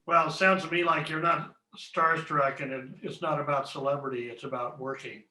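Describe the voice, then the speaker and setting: A man hosts an interview with a bright, fairly high voice. He asks his questions in a measured, complimentary way. His voice carries a roomy echo. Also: steady tone. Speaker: interviewer, host. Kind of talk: interview hosting.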